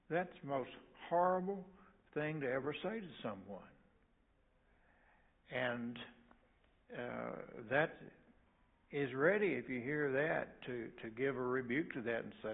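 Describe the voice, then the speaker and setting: An older man preaching a sermon as pastor, halting and repeating words, with folksy asides. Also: medium pitch, expressive, creaky, breathy edge. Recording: tinny phone-like sound.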